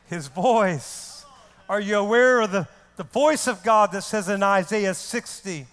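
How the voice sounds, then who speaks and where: High-voiced impassioned male preacher. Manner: impassioned preacher who shouts and repeats words for emphasis. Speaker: pastor. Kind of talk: fiery sermon. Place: church hall. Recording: reverberant church hall.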